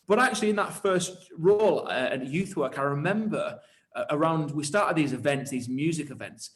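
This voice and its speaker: Enthusiastic man, slightly high voice. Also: moderate pace. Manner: enthusiastic, animated storytelling with quoted thoughts. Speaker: church leader and pastor. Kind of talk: storytelling interview answers.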